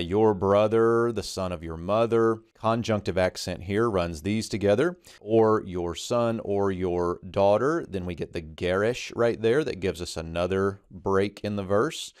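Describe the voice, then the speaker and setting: Low-voiced man teaching step by step. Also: darkish tone, smooth, no room sound, studio quality. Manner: methodical, explains step by step while circling text on screen. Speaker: Biblical Hebrew teacher. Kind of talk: screen-recorded lesson explaining a verse.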